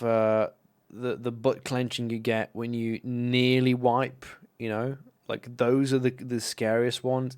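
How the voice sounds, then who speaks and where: A young man from Slovenia tells stories on a live stream in a loose, rambling way. He swears freely and often restarts his sentences, and his voice sits at an ordinary middle pitch. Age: young adult. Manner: rambling, profane, animated anecdotes. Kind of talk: casual live-stream storytelling.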